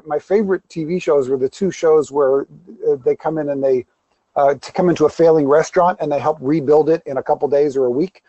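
A pastor talks candidly in an interview, poking fun at himself and acting out little quoted scenes. His voice sits a bit high but is warm and relaxed. The sound is dry and dull. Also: no room sound. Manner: candid, self-deprecating, storytelling with quoted asides. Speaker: pastor, guest. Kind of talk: conversational interview.

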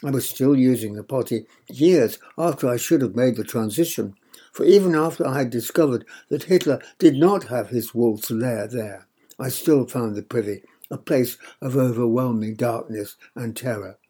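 An older man reading his memoir aloud in a measured, wry storytelling manner. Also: medium pitch, dark tone, breathy edge. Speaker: narrator.

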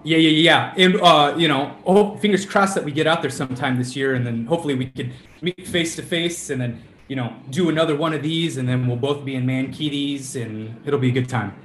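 A man's voice: mid-range voice, a little fast, hardly any pauses, fairly bright tone, echoey room, a little hiss or hum. A man with a Minnesota accent, a musician guest chatting casually from home, friendly and laid-back, laughing often. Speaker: band member guest. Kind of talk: casual interview chat.

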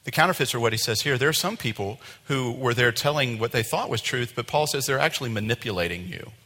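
A man preaching a sermon to his congregation in an animated way, acting out quoted voices. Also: mid-range voice, fast, in a large hall. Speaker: pastor. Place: church sanctuary.

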